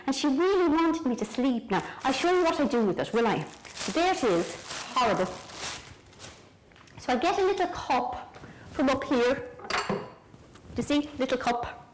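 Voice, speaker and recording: A woman's voice: a little high, big pitch swings, measured pace, long pauses, rough recording. Chatty Irish woman, jokey and rambling. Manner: rambling, jokey and self-mocking, talks straight to the viewer. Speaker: author showing her home. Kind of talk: casual chatty video diary. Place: own home, indoors, moving between rooms.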